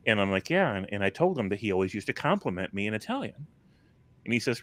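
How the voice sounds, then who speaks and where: A man co-hosting a casual chat show, telling a relaxed personal anecdote. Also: mid-range voice, fast. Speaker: podcast co-host.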